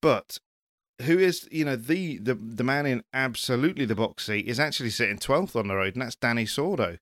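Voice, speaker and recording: A man's voice: mid-range voice, expressive, fairly quick, fairly bright tone, dry recording, clean studio sound. A man hosting a rally podcast, rambling cheerfully with restarts and self-deprecating asides. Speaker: podcast host. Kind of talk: casual panel chat.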